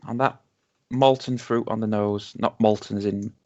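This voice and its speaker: Rambling low-voiced man on a lo-fi podcast. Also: fairly even intonation, normal speed, a little mellow. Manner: rambling, hesitant, many restarts and ums. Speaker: podcast co-host. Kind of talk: casual whisky-tasting chat. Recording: dull lo-fi home podcast recording.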